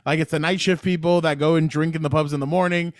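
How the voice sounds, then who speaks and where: His voice sits fairly high, with a steady tone and quick pace, in a clean, echo-free studio recording. The speaker is a Latino American podcast co-host in his thirties, casually chatting, rambling, and laughing readily.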